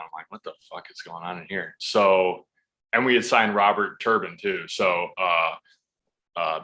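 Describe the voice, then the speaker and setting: A man's voice: sits low, sharp tone. A man in his thirties, a podcast guest telling laid-back stories that are full of swearing. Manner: laid-back, swears freely, acts out quotes. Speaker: podcast guest, football player. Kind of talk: casual storytelling.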